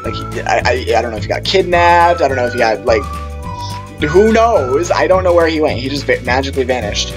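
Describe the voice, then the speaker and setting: A man's voice: medium pitch, lively intonation, brisk, music in the background, rough recording. A young man vlogging a casual storytime, rambling through tangents and quoting himself in funny voices.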